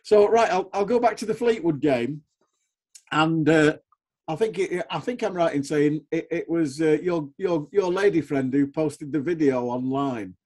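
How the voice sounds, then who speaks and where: A man's voice: on the high side, a little slow, darkish tone. A man interviewing a footballer, asking friendly, teasing questions. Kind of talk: casual interview.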